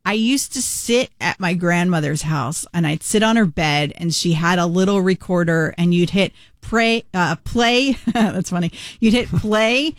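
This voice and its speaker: A woman's voice: fairly low pitch, measured pace, few pauses, no echo, clean studio sound. A woman co-hosting a morning radio show in casual chat, talking in an emphatic way with lots of fillers. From New York. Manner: chatty, filler-heavy, emphatic. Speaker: radio co-host. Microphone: studio microphone.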